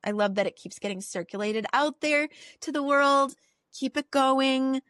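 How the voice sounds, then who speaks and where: A woman's voice: a little high, moderate pace, fairly bright tone, dry recording, studio quality. A woman co-hosting a podcast in casual chat, acting out quotes and laughing often. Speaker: podcast co-host.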